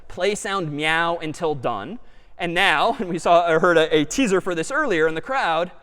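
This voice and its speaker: Lively guy lecturing with a high bouncy voice, echo of a big hall. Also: moderate pace, slight background noise. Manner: lively and animated, thinking aloud. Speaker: computer science lecturer. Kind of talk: live lecture with demo. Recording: lecture hall with long reverb.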